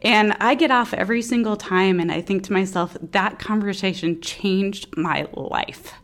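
A woman's voice: mid-range voice, normal speed, a bit bright. A woman co-hosting a podcast, effusive and openly emotional in casual chat. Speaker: podcast co-host.

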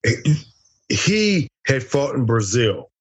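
A man's voice: mid-range voice, sing-song, slow, slightly rough. A middle-aged American man telling a wild story as an interview guest, boisterous and profane, acting out the dialogue. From United States. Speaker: interview guest, former fighter.

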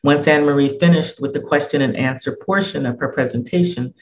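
A man narrating a personal essay in a measured, reflective reading voice. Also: a little high, rough recording.

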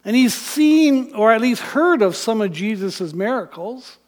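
Preacher, male, very high voice, animated storytelling delivery, echoing sanctuary. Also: measured pace. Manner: animated retelling, voicing characters, rising to loud passages. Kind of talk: sermon. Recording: long church reverb.

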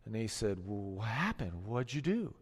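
A middle-aged man preaching a sermon, telling stories that swing from hushed asides to forceful declarations. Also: fairly low pitch, very animated, normal speed, breathy edge, in a large hall. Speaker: pastor.

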